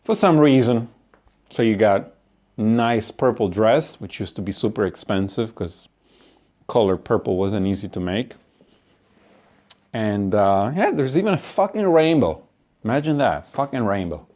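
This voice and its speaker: A man's voice: fairly low pitch, animated, unhurried, a little mellow. A man delivering a comic monologue, ranting with lots of swearing and acted-out asides.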